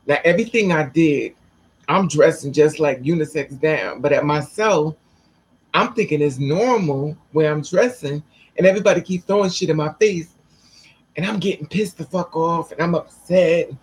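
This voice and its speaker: A woman telling a personal story to camera in a blunt, profane, animated way. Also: low voice, unhurried, breathy edge, low-quality recording. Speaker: vlogger.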